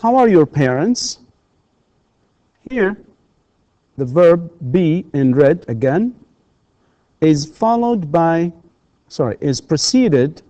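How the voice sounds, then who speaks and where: A man whose first language is Arabic teaches a recorded university English lesson, pausing often with filler sounds and modeling questions with exaggerated rising intonation. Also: on the high side, dark tone, no room sound. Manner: hesitant, many filler sounds and restarts. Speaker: university lecturer.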